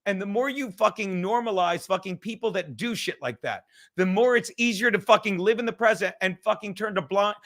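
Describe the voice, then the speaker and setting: Ranting on a podcast livestream, a man swears nonstop as he rambles heatedly. His voice sits high, with a bright, forceful tone.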